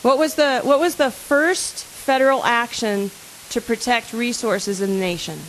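A woman's voice: on the high side, measured pace, rough recording. Woman giving an earnest talk, faint hiss. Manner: asks audience questions, earnest and conversational. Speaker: park service official speaker. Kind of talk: public talk to an audience.

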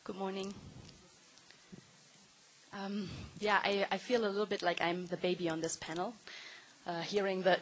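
A woman's voice: lowish voice, poor audio. Woman in her thirties speaking on a panel. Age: 30s. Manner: earnest, with frequent ums and restarts. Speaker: circus performer on a panel. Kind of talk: panel talk.

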